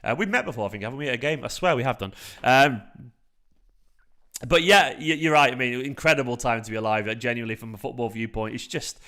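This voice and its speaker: A man's voice: medium pitch, fast talker. A young man with a light Manchester accent, rambling and swearing freely while hosting a casual football fan live stream. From South Manchester, England. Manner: rambling, animated, swears freely, frequent fillers. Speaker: football fan channel host.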